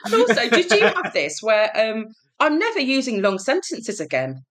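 A woman's voice: fairly high pitch, normal speed. A woman, a guest author, telling stories in casual chat and acting out quotes with laughs. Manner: animated storytelling, laughs, acts out quotes.

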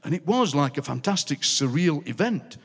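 A man's voice: a little high, moderate pace, slightly rough. Yorkshire man spinning anecdotes in a hall. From Yorkshire, England. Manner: animated, rambling anecdotes, laughing. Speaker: guest poet. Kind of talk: live comic storytelling chat. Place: city hall stage before audience. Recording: long hall reverb.

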